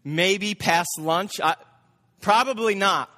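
A man preaching a sermon from the front of a church. He gets loud and amped up, and he repeats words as he speeds along. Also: high-pitched, takes it slowly. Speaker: pastor.

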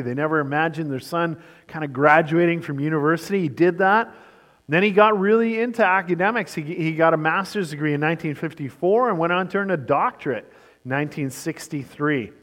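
A male pastor delivers a sermon with a somewhat high voice. He moves between brisk storytelling and slow, emphatic lines. A long reverb from a large church hall trails his words. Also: fairly bright tone.

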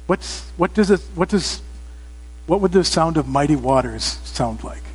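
Male pastor with a high voice, emphatic sermon, long church reverb. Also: expressive, a little slow, breathy edge. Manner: emphatic, rising to loud exclamations. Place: church sanctuary.

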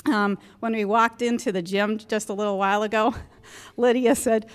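A woman's voice: mid-range voice, fairly even intonation, moderate pace, clear, resonant tone, long reverb tail. A woman in her fifties giving a candid, self-mocking talk to a group of mothers in a church gym, laughing often. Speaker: guest speaker at a moms' group. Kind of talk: personal talk to an audience.

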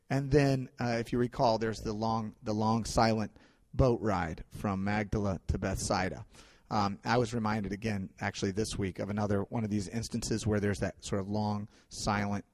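A male pastor giving a sermon, telling stories in a conversational way with fillers, swinging between loud and quiet. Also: fairly low pitch. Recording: long hall reverb.

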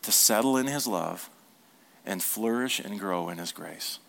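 Pastor preaching a lively sermon. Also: male voice, lowish voice, measured pace, creaky. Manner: animated, asks the congregation questions and repeats them; drops to soft, hushed tones for tender points.

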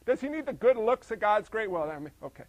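A male pastor preaching a sermon, full of rhetorical questions and swinging between emphatic and hushed delivery. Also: sits high, sing-song, quick pace, no room sound, low-quality recording.

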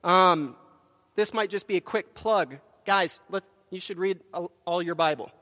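Man, preacher, sermon, high voice, emphatic storytelling, microphone, reverberant church hall. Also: unhurried, pushed and bright. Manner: storytelling with acted quotes, emphatic. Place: church sanctuary.

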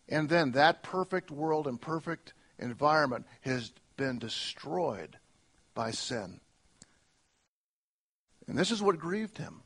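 A male pastor preaching a sermon earnestly, moving between soft, slow lines and emphatic ones. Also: on the high side, husky.

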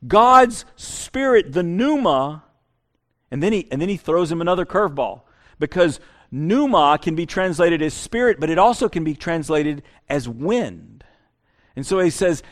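A man's voice: fairly high pitch, expressive, unhurried. A pastor preaching a conversational sermon, often repeating words as he restarts his sentences.

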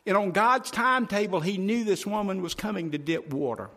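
A male preacher giving a sermon in a folksy way, talking straight to the congregation and swinging from loud, driving phrases to hushed ones. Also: high voice, expressive, a little fast. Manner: folksy, addresses congregation directly.

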